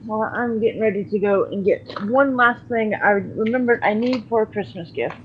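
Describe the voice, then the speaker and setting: A frank, plainspoken woman joins a casual chat as a caller. Her voice comes through a dull, lo-fi line with a faint hiss behind it, at an average pitch for a woman. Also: normal speed. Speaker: guest caller. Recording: dull lo-fi call audio with faint noise.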